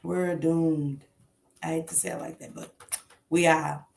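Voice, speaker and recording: A woman's voice: sits low, level tone, fairly quick, creaky, echoey room, slight background noise. A woman hosting a casual morning commentary show, talking bluntly and emphatically with plenty of swearing.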